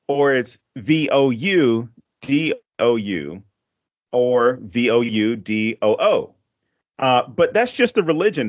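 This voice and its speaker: A man from Louisiana chatting casually as a podcast guest, rambling and swearing easily, with frequent restarts. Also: medium pitch. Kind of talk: casual chat. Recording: dull lo-fi podcast audio.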